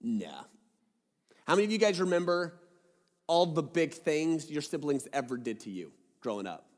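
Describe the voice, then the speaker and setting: A high-pitched man preaches in a church hall, his voice trailing off in a long reverb. He reads scripture aloud, then drops into joking, casual asides. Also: lively intonation, moderate pace. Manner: jokey, casual asides between readings. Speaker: pastor. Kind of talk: sermon reading and explaining scripture.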